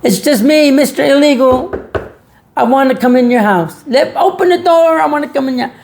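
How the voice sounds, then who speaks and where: Brief: a wheedling male intruder begging to be let in, raised and gravelly, put on by a man in a rant. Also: very high voice, normal speed, darkish tone, slight background noise, voice pushed up. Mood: pleading. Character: pleading male intruder at the door.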